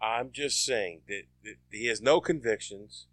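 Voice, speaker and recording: A man's voice: fairly low pitch, a little slow, fairly bright tone, no echo. A man co-hosting a casual podcast with dry, sarcastic remarks. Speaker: podcast co-host. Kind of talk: casual chat.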